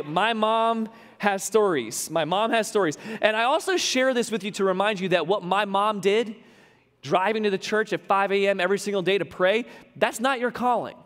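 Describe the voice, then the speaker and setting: A man's voice: high-pitched, a bit bright, in a large hall. A man preaching a sermon as pastor, talking conversationally and adding humorous asides. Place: large church hall.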